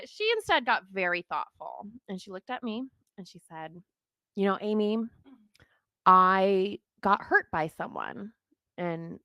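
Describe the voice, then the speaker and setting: Animated woman telling a story. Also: medium pitch, dry recording. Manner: animated, laughs often, acts out quoted voices. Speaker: podcast host. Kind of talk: casual storytelling chat.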